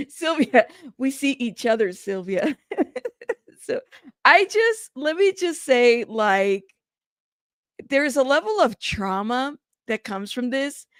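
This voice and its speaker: Uma mulher apresentando uma live casual, conversando com o chat de forma tagarela, recomeçando frases, cansada e frustrada. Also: female voice, high voice, lively intonation, slow pace, long pauses, no echo, clean studio sound. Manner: chatty, greets chat by name, rambling restarts. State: tired and frustrated. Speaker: livestream host.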